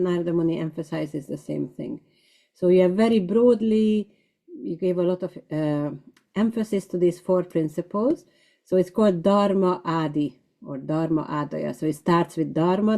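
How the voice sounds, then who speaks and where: A woman's voice: on the low side, moderate pace, creaky, dark tone. A woman leading a scripture class, explaining terms step by step with frequent ums and uhs. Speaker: class teacher.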